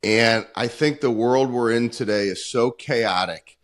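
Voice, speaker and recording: A man's voice: mid-range voice, measured pace. A man in his forties, a performance coach talking in a podcast interview, earnest and full of stories, often acting out the dialogue he quotes.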